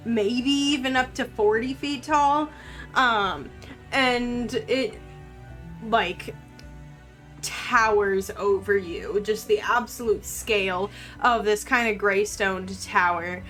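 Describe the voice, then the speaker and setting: A woman game master narrates a tabletop adventure at a very slow, easy pace. Her voice sits fairly high, and she pads her descriptions with ums and likes. She sounds casual and unhurried. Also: a bit bright.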